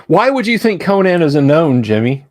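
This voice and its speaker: A man hosting a live stream reads a game rulebook aloud, breaking off for wry, joking asides and answering his chat with jokes as he digresses. His voice is fairly high with big pitch swings, at normal speed, in a dry recording.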